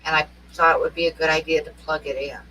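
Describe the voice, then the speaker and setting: A woman's voice: sits low, level tone, quick pace, bright, forceful tone. A middle-aged woman from Oregon telling rambling anecdotes in casual chat, often breaking into laughter. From Oregon, USA. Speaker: co-host. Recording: distant mic with faint noise.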